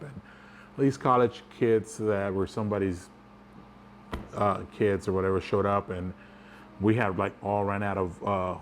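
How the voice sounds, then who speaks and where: A man's voice: fairly low pitch, a little hiss or hum. A man telling a personal story in a casual, rambling way, chuckling as he goes. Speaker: vlogger.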